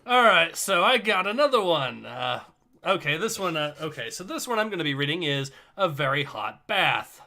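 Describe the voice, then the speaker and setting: A man with a bright, fairly high voice hosts an online reading session, reading short stories aloud to friends. He keeps it chatty and laughs between lines, heard over a voice chat mic. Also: sing-song, moderate pace. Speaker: livestream host reading stories.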